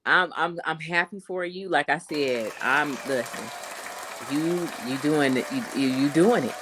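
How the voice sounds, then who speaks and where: A woman who is a guest on a live stream, chatting casually and quick to laugh. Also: sits low, a crowd in the background.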